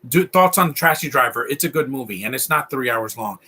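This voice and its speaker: A man's voice: medium pitch, animated, brisk, bright, forceful tone, husky. A man with a Latino accent hosting a live stream and chatting loosely about films, rambling and often restarting his sentences. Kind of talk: casual film commentary.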